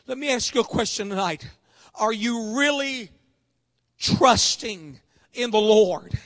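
A man with a very high voice preaches a revival sermon. He swings between hushed, low confiding talk and shouted, climbing exhortation. His phrasing is folksy, and he keeps calling for an amen. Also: expressive, takes it slowly, big-room sound. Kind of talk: revival sermon with call and response.

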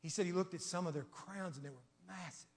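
A man preaching a sermon in a church, with emphatic, rhythmic repetition that swings from loud declarations to hushed asides. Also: high-pitched, fast talker. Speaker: pastor. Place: church sanctuary. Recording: long church reverb.

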